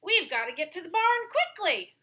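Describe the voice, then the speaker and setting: A woman voicing an anxious, bossy farm dog in a storybook, calling out alarms in a hurried voice. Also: extremely high pitch, very animated, pushed and bright, pitched above the performer's own voice, full character voice. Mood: urgent. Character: panicky high-voiced farm dog, urgent.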